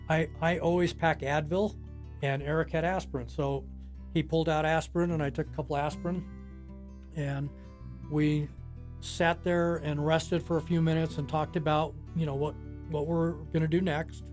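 A man in his sixties tells the story of his own backcountry ski emergency in an interview, unhurried and plain, pausing often. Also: a little high, a little mellow. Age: 60s. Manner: plain, unhurried storytelling with many pauses and "you know". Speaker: skier telling his rescue story. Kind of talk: recounting a personal story in an interview.

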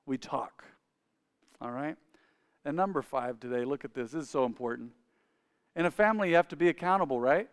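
A middle-aged man preaching a sermon through personal stories, animated and acting out dialogue in quick voices. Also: a little high, smooth, long reverb tail. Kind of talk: sermon-style storytelling.

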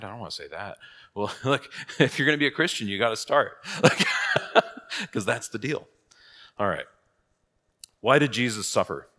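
Casual, low-voiced man teaching catechism. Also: a bit bright. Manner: casual, rhetorical questions, frequent "right?" and "like"; laughs at his own asides. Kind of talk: conversational church teaching.

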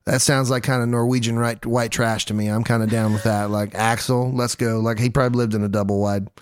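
A man's voice: mid-range voice, little pitch movement, brisk, clear, resonant tone, no echo, studio quality. A man in his thirties hosting a podcast, telling a true-crime story in casual, jokey chat and acting out quotes in goofy voices. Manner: self-deprecating, jokey. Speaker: podcast host.

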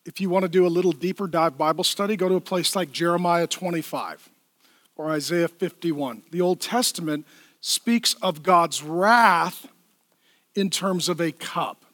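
A male pastor preaching a lively, playful sermon in a church, acting out the people in the story. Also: sits high, normal speed, no echo, clean studio sound. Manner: animated, playful, acts out voices and laughs at own jokes.

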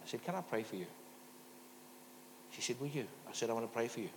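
A man's voice: medium pitch, animated, fast. A man preaches in a church, telling stories and calling out for amens. His voice rings with a long hall reverb, and a faint hum sits underneath. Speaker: guest preacher. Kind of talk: sermon.

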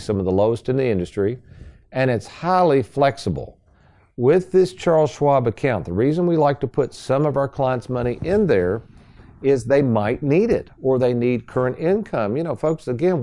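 A man's voice: mid-range voice, dark tone. A man hosting a radio talk show as a financial advisor, folksy and salesy, speaking to listeners as folks.

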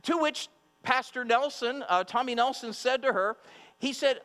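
A male preacher delivers a sermon and speaks straight to the women listening. He is emphatic and repeats himself for weight, in a high voice. The long reverb of a hall and a faint mains hum sit behind him. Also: moderate pace, a bit bright.

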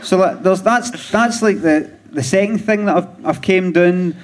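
A Glaswegian man rambles through his stories with restarts and dry little laughs. His voice sits a touch high. The recording comes from a live theatre stage with a faint hiss underneath. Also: a little slow. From Scotland. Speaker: comedian guest. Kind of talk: live podcast interview. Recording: live theatre with audience noise.

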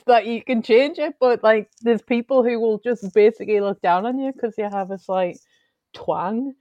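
A woman's voice: a little high, moderate pace, mellow, no echo, highs cut off. A woman with a northern English accent in casual panel chat, talking in a chatty way with many fillers. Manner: chatty, frequent fillers, laughs often.

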